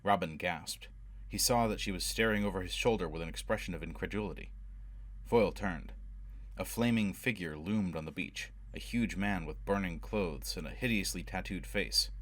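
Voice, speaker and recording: A man reading a novel aloud as an audiobook narrator, in a steady, measured way. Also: deep voice. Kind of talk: scripted narration.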